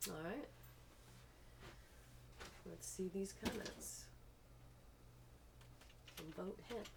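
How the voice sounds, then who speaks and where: A woman's voice: mid-range voice, very slow, gravelly, very noisy. A woman hosting a video, reading public comments aloud and breaking off with frustrated asides of her own.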